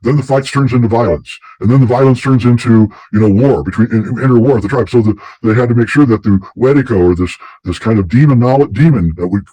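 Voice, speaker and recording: A man's voice: lowish voice, mellow, slightly rough, no room sound, rough recording. A man hosting a casual talk show, telling stories in a rambling way with many restarts. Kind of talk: casual conversation.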